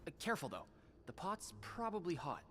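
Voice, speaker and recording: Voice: mid-range voice, sing-song, brisk, over music, close to an everyday voice. An actor voicing a bookish, thoughtful young game companion who talks with hesitant musing. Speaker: game character Nocturne. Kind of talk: video game voice acting.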